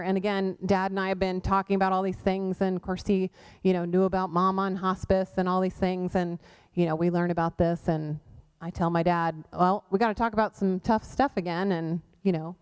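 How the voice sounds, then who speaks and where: A middle-aged woman speaks at a church women's gathering and tells her own story of faith through hard times. Her voice is smooth and resonant, pitched in the middle, and she brings the story to life by acting out what people said. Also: a little mellow. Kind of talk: personal testimony talk. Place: church event space.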